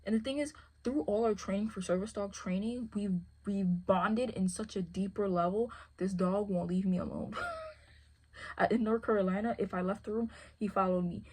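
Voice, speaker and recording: A woman's voice: medium pitch, normal speed, a little mellow, breathy edge. A woman who handles a service dog, talking casually and rambling, often asking "you feel me". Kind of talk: casual chat.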